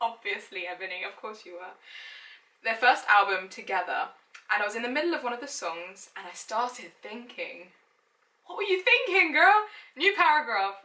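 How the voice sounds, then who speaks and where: Giggly woman with a bright voice. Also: on the high side, recorded from a distance. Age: late 20s. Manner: giggly, chatty and self-mocking. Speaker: lifestyle blogger. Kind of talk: casual chat reading her childhood diary aloud. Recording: echoey room, mic set back.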